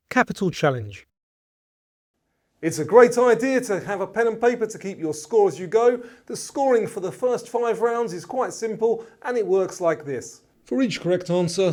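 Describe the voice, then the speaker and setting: Lively quiz-host man, higher voice. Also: no room sound, clean studio sound. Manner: reads questions and answer choices in a clear, measured way. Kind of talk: scripted quiz show presenting.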